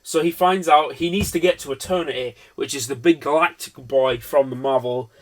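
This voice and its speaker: A man's voice: medium pitch, moderate pace. A man giving an unscripted film review, rambling, swearing and cutting himself off mid-thought. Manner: rambling, profane, self-interrupting.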